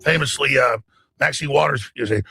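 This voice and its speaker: A man with a gravelly, raspy voice delivering an emphatic, excited monologue as a talk show guest. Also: medium pitch, moderate pace, soft background music. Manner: emphatic, acts out quoted voices.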